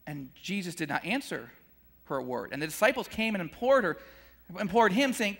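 A man's voice: a little fast, gravelly, big-room sound. A man giving a conversational sermon on scripture, acting out the disciples' complaints and chuckling between points. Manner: animated, acts out disciples' complaints with a jump in pitch. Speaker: Christian speaker teaching scripture.

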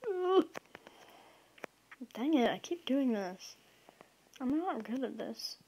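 A woman giving casual, self-mocking commentary while playing a video game, quick to get excited. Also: on the high side, a little hiss or hum, low-quality recording. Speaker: gaming video creator.

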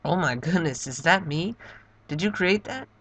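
A man's voice: a little high, animated, normal speed, fairly bright tone, no room sound, voice pushed up. A man voicing a puzzled young princess in game dialogue, bemused and questioning, barely shifting from his own voice.

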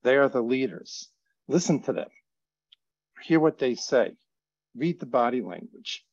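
A man of middle pitch gives closing remarks on an online grief panel, telling a story in an earnest, measured way. The audio is dry, with no room sound, and it sounds dull and lo-fi, like a webinar feed. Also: animated, a little mellow, no echo. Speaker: trauma center director speaking on a grief panel.

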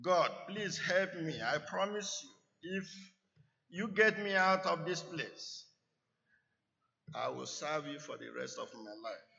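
A preacher playing a desperate man clinging to a cliff branch and yelling frantic pleas for help, in an echoey church hall. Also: a little high, animated, takes it slowly, creaky, dull audio, exaggerated voice. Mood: pleading.

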